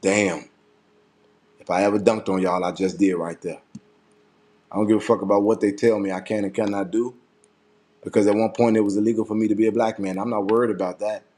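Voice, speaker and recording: This man's fairly low, darkish voice comes out flat and fairly quick, broken by frequent pauses. Speaking as a political commentator, he rants angrily, cursing a lot and repeating himself to drive each point in.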